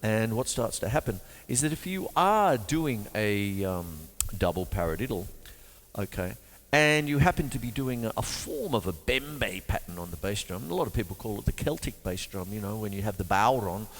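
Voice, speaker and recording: A drum teacher with a fairly low, lively voice gives a chatty, jokey lesson, counting beats aloud at a moderate pace as he plays. His voice sounds like it's in a big room, and the loud drum kit plays over it.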